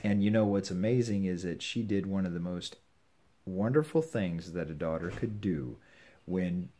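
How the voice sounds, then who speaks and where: An older man giving earnest, measured advice on scripture to his children and grandchildren at home. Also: low-pitched, animated, dark tone. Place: home with a puppy nearby.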